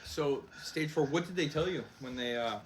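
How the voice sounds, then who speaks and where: A man hosting a podcast, asking halting, searching questions in a casual interview. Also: on the high side, heavy background noise. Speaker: podcast host.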